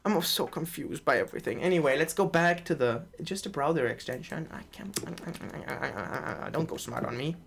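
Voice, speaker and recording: A streamer chatting casually while playing a game, rambling, swearing and quick to laugh. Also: mid-range voice, expressive, creaky, breathy edge. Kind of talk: casual live-stream chat.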